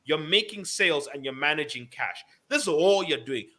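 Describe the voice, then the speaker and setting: A man's voice: fairly high pitch, expressive, normal speed, bright, forceful tone. A man hosting a radio business show, giving emphatic advice and repeating his key points. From Zambia.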